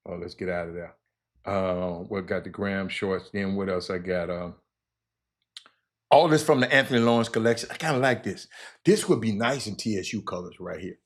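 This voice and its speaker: A man hosts his show in relaxed, chatty fashion, talking straight to viewers. He laughs easily and stumbles over repeated words as he hypes up clothes. His voice sits a little on the low side. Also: moderate pace. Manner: loose, laughing, repeats words while hyping merchandise. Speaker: show host. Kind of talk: casual chat with viewers.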